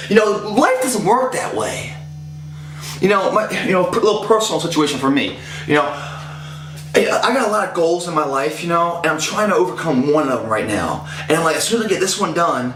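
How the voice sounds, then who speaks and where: A man's voice: a little high, sing-song, fairly quick, fairly bright tone, slight background noise. Intense, profane man in an echoey room. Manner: intense, profane and rambling, voice rising when fired up. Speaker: fitness motivator. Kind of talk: casual motivational talk.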